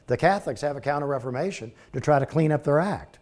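A man teaching a class, reading from his notes and then breaking into relaxed, folksy asides. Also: on the high side, fast. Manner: reads text aloud, then breaks into folksy conversational asides.

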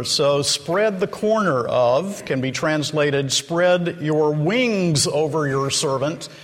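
A man preaches in an unhurried, deliberate rhythm, his voice sitting a little higher than most men's. He tells the story dramatically and acts out the quotes himself. His words ring out with the long reverb of a church sanctuary. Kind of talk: sermon.

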